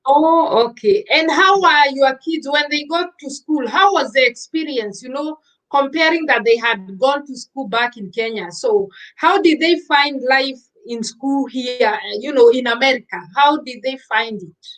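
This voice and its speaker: A woman's voice: high-pitched, unhurried, fairly bright tone, low-quality recording. A woman interviewer asking questions and giving short encouraging replies. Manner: brief encouraging back-channel replies.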